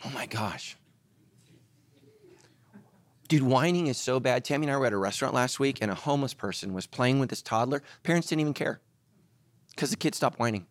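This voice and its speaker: Animated middle-aged pastor preaching. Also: male voice, medium pitch, fast. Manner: animated, acts out voices, jokes with the congregation. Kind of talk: sermon.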